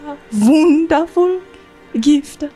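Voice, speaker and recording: A woman's voice: high-pitched, drawn-out words, dark tone, soft background music, pitched above the performer's own voice. A woman voicing Santa with a put-on Swedish accent, playing it giggly and overdone. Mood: goofy.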